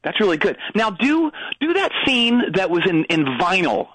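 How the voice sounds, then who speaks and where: A man playing a rambling, oddball sports coach calling into a radio show, deadpan with many restarts. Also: sits high, moderate pace, dry recording, full character voice, rough recording. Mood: bumbling. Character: rambling middle-aged male sports coach. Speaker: caller. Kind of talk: comedic call-in bit.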